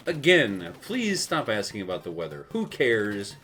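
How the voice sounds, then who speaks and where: A man's voice: lowish voice, wildly swooping pitch, measured pace, hardly any pauses, music in the background. A man from South Texas telling a rambling, self-mocking story while he plays a game, laughing often. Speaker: gaming video host. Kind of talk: storytelling over gameplay.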